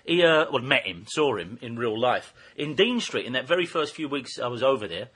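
A husky man with a bright, lively voice, talking quickly as he rambles through old stories. He laughs often and his pitch swings widely. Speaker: former music journalist. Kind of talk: casual chat.

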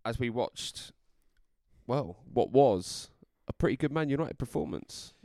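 A man's voice: medium pitch, expressive, a little slow, vocal fry, mellow, dry recording. Young male podcast co-host, hungover, hesitant and teasing, dry close recording. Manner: teasing, hesitant, repeats himself. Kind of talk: casual chat.

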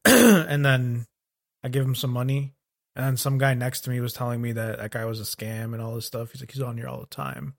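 Male podcast co-host, mid-pitched, relaxed, rambling anecdotes. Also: moderate pace. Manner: laid-back, meandering storyteller. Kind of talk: casual podcast chat.

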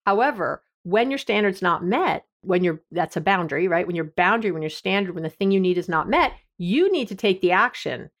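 A woman's voice: fairly low pitch, lively intonation, a little fast, few pauses, muffled recording. A middle-aged woman, a therapist hosting an advice podcast, talking candidly in a conversational, self-deprecating way.

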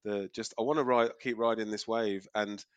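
Teasing guy from england on a podcast, lowish voice, lots of ums, dry sound. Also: steady tone, normal speed, clean tone, no echo. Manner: wry, teasing, hesitant with ums. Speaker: podcast co-host. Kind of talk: casual chat.

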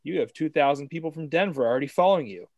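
A man's voice: a little high, expressive, quick pace, dry recording, lo-fi sound. A man interviewing a guest in a casual, enthusiastic way and restarting his sentences often.

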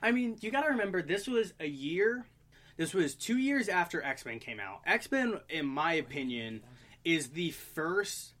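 A man in his twenties telling stories in a casual chat, animated and joking. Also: fairly high pitch, measured pace. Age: 20s. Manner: animated storyteller, puts on silly voices.

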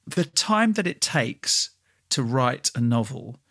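A man hosting an interview podcast, asking questions and reading promotional announcements briskly. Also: medium pitch, very animated, fairly bright tone. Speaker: podcast host.

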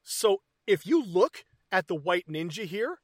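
A man's voice: high-pitched, unhurried, no echo, studio quality. A man in casual chat about a movie, swearing a lot and mocking it. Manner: profane, animated, mocking.

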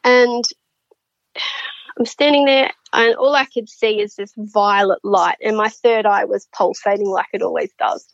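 A woman's voice: mid-range voice, a little slow, vocal fry, no echo, muffled recording. A woman, a podcast guest, telling stories casually and acting out the voices of the people in them. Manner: animated, acts out voices in her stories. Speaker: podcast guest, spiritual medium. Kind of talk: casual storytelling.

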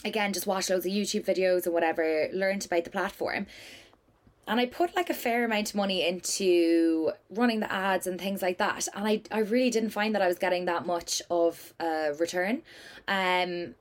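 A woman's voice: on the low side, moderate pace. Chatty Irish woman from Cork. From Cork, Ireland. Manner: chatty, lively storyteller, many "like" fillers. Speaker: guest, business owner. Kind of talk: casual podcast chat.

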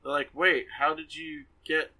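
A man's voice: fairly high pitch, level tone, normal speed, bright, forceful tone, low-quality recording. A man casually recapping an anime episode for a podcast, sarcastic and exasperated, rambling with many fillers.

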